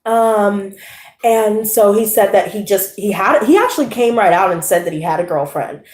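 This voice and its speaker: A woman hosting her channel, telling a casual story to a live audience, animated and laughing, full of profanity and slang. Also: mid-range voice, normal speed, echoey room. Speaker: tarot channel host.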